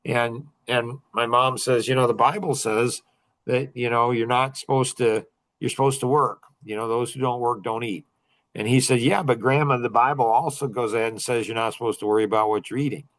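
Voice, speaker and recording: A man's voice: medium pitch, fairly even intonation, brisk, a bit bright. A middle-aged man leading a young men's group talk, rambling with many restarts and fillers.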